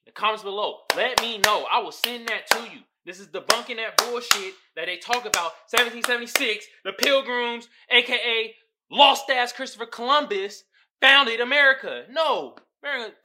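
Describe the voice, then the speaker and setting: A young man hosting a podcast, giving casual, profane, animated commentary straight to his listeners. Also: very high-pitched, a little hiss or hum. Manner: animated, loud, swearing, talking straight to listeners. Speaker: podcast host.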